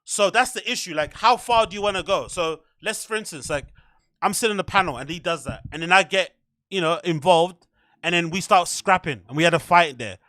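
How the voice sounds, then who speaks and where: A young man hosting a podcast, chatting casually in a rambling, animated way, full of fillers and swearing. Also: high-pitched, a little fast, no room sound, clean studio sound. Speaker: podcast host. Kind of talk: casual chat.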